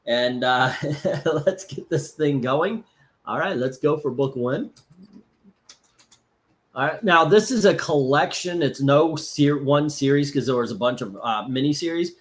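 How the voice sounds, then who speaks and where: A Florida man hosts a laid-back live stream, reading chat aloud and rambling with lots of fillers and false starts. He speaks at an unhurried pace with a medium-pitched voice.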